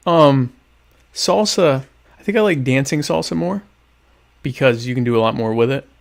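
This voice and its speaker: A young adult man hosting a podcast, answering listener questions in a deadpan, ironic, rambling way while eating dinner. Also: medium pitch, normal speed, vocal fry. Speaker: podcast host. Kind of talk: casual solo chat answering listener questions.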